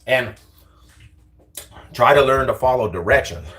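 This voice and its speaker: A man's voice: low voice, expressive, normal speed, long pauses. A young man trash-talking viewers on a casual livestream from a car, taunting and slangy.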